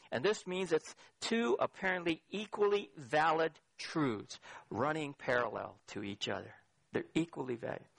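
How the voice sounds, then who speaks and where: Gravelly-voiced man preaching a lively sermon. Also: on the high side, no room sound. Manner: lively, questioning the audience directly. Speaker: pastor.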